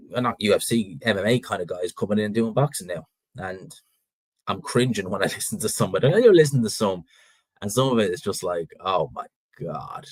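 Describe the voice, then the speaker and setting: Heard on a low-quality recording without echo, this Irish boxing channel host has a low, fairly bright voice and a North Dublin accent. He works casually through viewer questions with outspoken opinions, rambling and often starting over.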